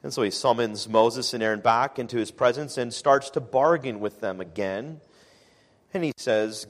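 A man preaching a sermon as pastor, measured and emphatic, slowing down to stress key phrases. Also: medium pitch.

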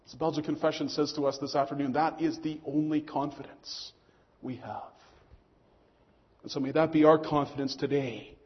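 A man's voice: on the high side, steady tone. Male pastor, earnest sermon delivery, muffled recording with hall reverb. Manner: earnest preaching, slowing on key phrases. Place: church hall. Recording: muffled long hall echo.

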